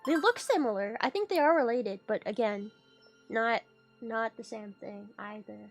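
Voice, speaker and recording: A woman streamer in casual livestream chat with a high, bright-sounding voice. She talks in an excitable, playful ramble, swearing casually and jumping suddenly in pitch and loudness. Faint music plays quietly in the background. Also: normal speed.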